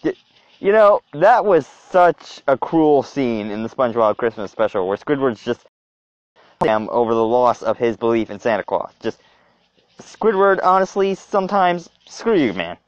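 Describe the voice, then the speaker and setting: A young man giving reaction commentary as a video creator, animated and exclaiming to himself. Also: mid-range voice, moderate pace, no echo. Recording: dull lo-fi dry recording.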